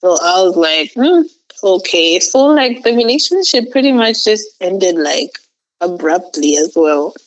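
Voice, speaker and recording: A woman's voice: fairly low pitch, animated, measured pace, low-quality recording. A young woman, a podcast guest, telling a personal story casually, rambling with many filler words.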